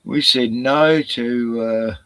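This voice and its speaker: A man's voice: mid-range voice, fairly bright tone, smooth, dry recording, low-quality recording. An Australian man hosting a rambling livestream, ranting with heavy profanity and reading viewer comments aloud. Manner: drawn-out filler sounds and restarts. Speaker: livestream host. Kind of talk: rambling solo livestream chat.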